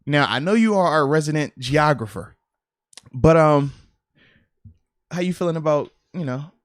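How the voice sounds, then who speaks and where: A man's voice: on the high side, animated, normal speed, no echo, clean studio sound. A man co-hosting a casual sports podcast, teasing and laughing often. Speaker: podcast co-host.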